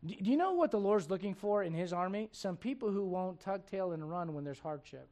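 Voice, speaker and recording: A man preaching with a strikingly high-pitched voice. He is animated, keeps throwing questions out to the congregation, and acts out the people he quotes. He sounds like he is in his forties. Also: fairly quick. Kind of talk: sermon.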